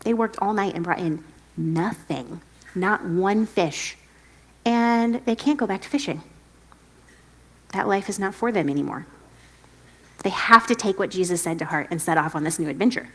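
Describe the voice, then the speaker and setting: A woman's voice: mid-range voice, moderate pace, long pauses. A woman pastor giving a casual sermon, chatty and self-deprecating, laughing often and acting out the quotes. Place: church stage.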